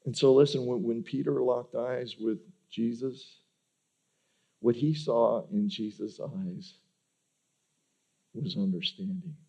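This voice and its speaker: A man's voice: mid-range voice, slow pace, pauses often, dark tone, breathy edge. A male pastor giving a conversational sermon, often restarting sentences by repeating words.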